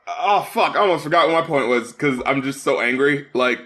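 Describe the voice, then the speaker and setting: A man co-hosting a podcast in casual chat, heated and profane, his voice climbing into shouts when angry. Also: medium pitch, brisk. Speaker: podcast co-host.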